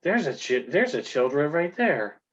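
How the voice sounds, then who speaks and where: A man's voice: a little high, big pitch swings, normal speed, muffled recording. Man doing a groggy, rambling village woman. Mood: fearful. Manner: drowsy, rambling, fearful.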